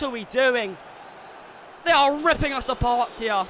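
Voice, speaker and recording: A young man calls his own football video game in a very high voice. He rants about poor defending and yells when the goals go in, like a fired-up fan doing commentary. A clear layer of background noise runs under the stream. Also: measured pace, pauses often. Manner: swings between frustrated ranting and shouted goal calls.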